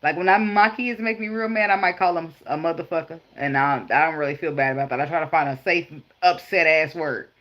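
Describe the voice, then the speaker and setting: A woman's voice: low-pitched, fairly quick, few pauses, lo-fi sound. A woman, talking bluntly and profanely about parenting while giving a casual tarot reading. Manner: blunt, profane, laughing, animated storytelling. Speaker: tarot reader. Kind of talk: casual spiritual advice vlog.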